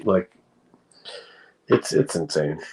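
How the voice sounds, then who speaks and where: A man's voice: very deep voice, slow pace, darkish tone, a little hiss or hum, poor audio. A man hosting a livestream, talking in a rambling, profane way with frequent restarts. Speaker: livestream host. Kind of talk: casual livestream rant.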